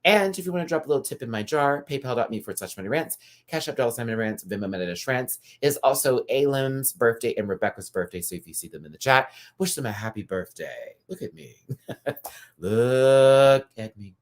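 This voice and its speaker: Casting: campy man, lively singsong delivery, live-stream reviewer talking to chat. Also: mid-range voice. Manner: animated and campy, quick asides to the chat. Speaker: YouTube host reviewing a TV show.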